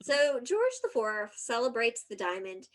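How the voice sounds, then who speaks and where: A woman's voice: fairly high pitch, big pitch swings, a little slow. A woman co-hosting a podcast, telling a story in a casual, chatty way with playful asides and giggles. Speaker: podcast co-host.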